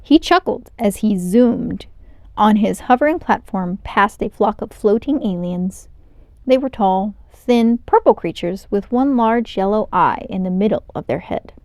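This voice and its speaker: A woman reading a children's novel aloud in a clear, expressive storytelling manner, close to the mic. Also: medium pitch, a little slow, dry recording. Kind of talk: children's book read-aloud.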